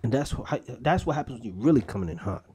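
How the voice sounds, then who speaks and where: A young male podcaster with a dark, husky voice talks at a quick pace, his intonation lively. He tells profane jokey stories in a loose, casual rant, marked by sudden pitch jumps.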